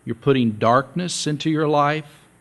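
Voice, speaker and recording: A male pastor giving a relaxed, conversational sermon, joking with his congregation and repeating his key points. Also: a little high, a little slow. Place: church sanctuary.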